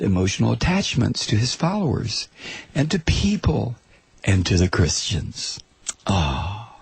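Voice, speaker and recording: Male radio host, mocking monologue, lively pitch swings, dry close mic. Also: husky, no room sound. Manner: sarcastic, mocking, swings between loud outrage and low muttering. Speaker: radio talk show host. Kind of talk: political talk radio monologue.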